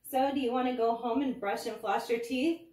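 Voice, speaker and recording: A cheerful, enthusiastic dentist explains things emphatically, with bright exclamations, as a woman reading a storybook puts him on. The voice rings in a roomy space and sounds set back from the mic. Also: on the high side, fairly even intonation, moderate pace, natural voice. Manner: emphatic, exclaiming teacherly delivery. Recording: roomy, from a distance.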